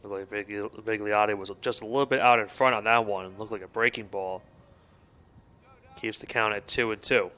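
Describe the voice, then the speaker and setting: Laid-back baseball color commentator, bright tone. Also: male voice, on the low side, normal speed, clear, resonant tone. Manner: relaxed, conversational analysis.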